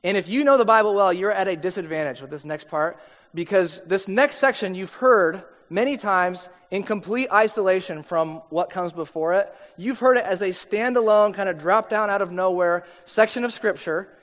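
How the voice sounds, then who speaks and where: A middle-aged pastor with a high voice preaches in a casual, storytelling way, full of little asides. His voice carries with a long reverb tail from a large hall. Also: normal speed, a bit bright. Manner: conversational storyteller, many asides. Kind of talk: sermon with personal story.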